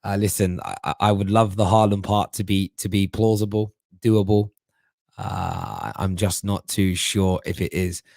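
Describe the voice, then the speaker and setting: A middle-aged man hosts a live stream in a casual, chatty way, often tripping over and repeating words mid-thought. His voice sits fairly low, and the recording is dry and close with little room sound. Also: unhurried, gravelly, a little mellow, no echo. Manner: chatty, stumbles and repeats words while thinking. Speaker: host of a football fan live stream. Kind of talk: casual live-stream chat reading viewer comments.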